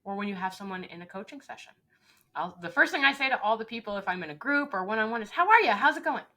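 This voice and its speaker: A woman's voice: medium pitch, lively intonation, fast, bright, forceful tone. A woman leadership coach speaking earnestly and with emphasis in an interview, often acting out short exchanges. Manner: earnest, emphatic, acts out little dialogues. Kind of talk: interview conversation.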